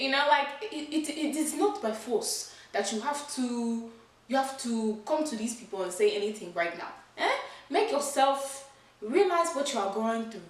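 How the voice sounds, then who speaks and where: A woman's voice: a little high, expressive, moderate pace, recorded from a distance. A young woman vlogging candidly and earnestly about her life, talking in a loose conversational way with lots of "you know" and "like". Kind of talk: candid personal vlog. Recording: very echoey room, voice away from mic.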